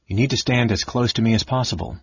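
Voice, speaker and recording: A man voicing a cool, composed dark elf mage who speaks softly and evenly. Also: mid-range voice, gravelly, breathy edge, dry recording, heavily acted. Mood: calm. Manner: soft, cool and measured. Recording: dull, dry lo-fi audiobook recording.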